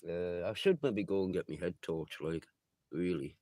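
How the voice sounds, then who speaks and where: Reading his viewers' chat on a livestream, a man rambles loosely from one thought to the next, swearing often. His voice is low and dark-toned, at a normal speed, and the recording is dry.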